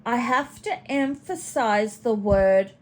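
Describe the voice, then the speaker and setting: A woman hosts a casual reaction commentary channel, chatty and snarky, swearing now and then and using baby talk with her pet. Her voice is a little high and animated, delivered at a slow pace.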